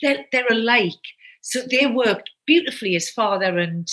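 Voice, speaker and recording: Lively woman, bright voice. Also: fairly high pitch, moderate pace. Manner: animated, lively storytelling with quoted outbursts. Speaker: actress and guest. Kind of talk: casual conversation.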